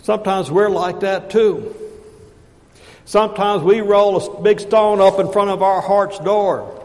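A preacher with a high voice delivers an unhurried sermon. His folksy delivery drops to near-whispers and rises to ringing calls, echoing through a hall with a long reverb. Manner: folksy preaching, swings from hushed to shouting.

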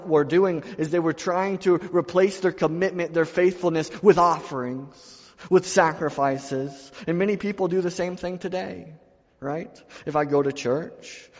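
A man preaching to his congregation in a slightly higher voice, his repeated phrases rising in emphasis. His voice rings with a long hall reverb. The sound is dull and muffled. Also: darkish tone. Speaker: pastor. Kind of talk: sermon.

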